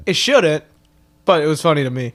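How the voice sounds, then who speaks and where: A man's voice: a little high, fairly quick. Young man telling a funny story, laughing. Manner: laughs often, animated storytelling. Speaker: podcast co-host. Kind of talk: casual chat.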